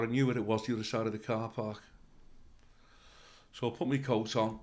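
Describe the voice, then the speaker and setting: An older man, a comedian telling stories in an interview, animated and swearing freely as he acts out the people in them. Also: lowish voice, brisk, pauses often. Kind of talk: anecdotal interview storytelling.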